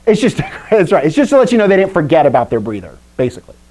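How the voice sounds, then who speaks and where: A woman's voice: low voice, sing-song, quick pace, dark tone. A woman teacher leads a live lesson over a video call, chatty and joking as she quizzes her class.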